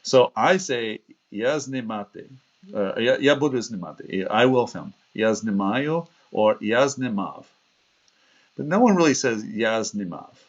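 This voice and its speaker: A man's voice: medium pitch, lively intonation, a little slow. A man hosting a livestream, chatting casually and wandering from one story to the next, laughing at himself. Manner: chatty, digressive, laughs at himself, acts out quoted voices. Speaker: livestream host. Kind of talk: casual rambling livestream talk. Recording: dull lo-fi stream audio.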